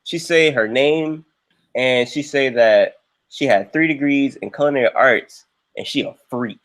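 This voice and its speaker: A young man hosting a livestream, telling a story in a casual, animated way and jumping into high voices when he quotes people. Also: a little slow. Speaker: livestream host.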